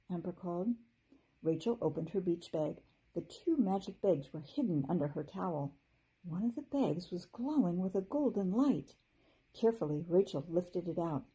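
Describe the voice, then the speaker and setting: Gentle, breathy teacher reading aloud. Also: female voice, fairly low pitch, moderate pace, low-quality recording. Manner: gentle and expressive.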